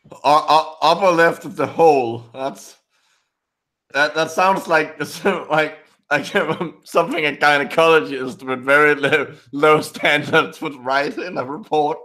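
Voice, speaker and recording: A man's voice: a little high, measured pace, bright, forceful tone. A man hosting a casual online stream, reading news aloud, stumbling over words and giggling. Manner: giggly, stumbling, self-mocking. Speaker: host of a video review stream.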